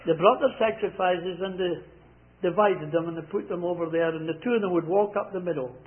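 A man preaching a sermon, repeating scripture lines slowly and with emphasis. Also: high-pitched, slightly rough. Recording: tinny phone-like sound.

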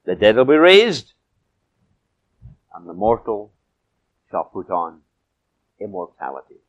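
A man preaching a sermon, swinging from loud emphatic peaks to soft low asides and stretching key phrases. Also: very animated, takes it slowly, muffled recording.

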